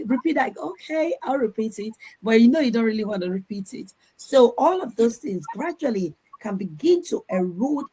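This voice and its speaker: A woman answers audience questions on an online panel. She talks in an animated way and acts out the people she quotes. Her voice sits at a middle pitch and comes through a video call. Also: rough recording.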